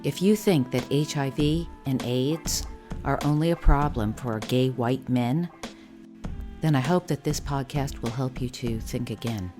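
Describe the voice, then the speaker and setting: A woman hosting a podcast, reading scripted introductions in a measured way. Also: a bass voice, over music. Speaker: podcast host.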